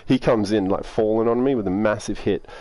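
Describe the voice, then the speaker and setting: A man's voice: on the low side, fairly quick, warm tone, dry recording. A young Australian man telling a rambling story in a casual, laid-back way, swearing constantly.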